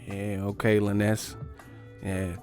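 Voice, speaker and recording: A man's voice: fairly low pitch, monotone, slow pace, darkish tone, faint music behind. A man from the Bay Area hosting a livestream, riffing in casual, profane slang. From San Francisco Bay Area. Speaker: livestream host.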